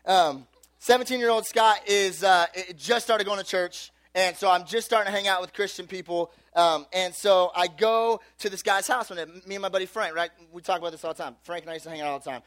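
Animated male storyteller with a high voice, loose and filler-heavy, acting out the people he quotes in a sermon. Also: a little fast, dry recording, studio quality.

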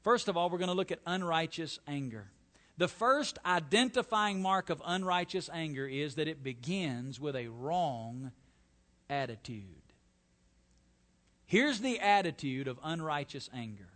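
A man preaching a sermon with a high, lively voice that leaps up and down in pitch. He drops to soft, slow phrases, then presses hard on single words. The tone is bright and ringing. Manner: dramatic, swings from soft to loud emphasis. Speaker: pastor.

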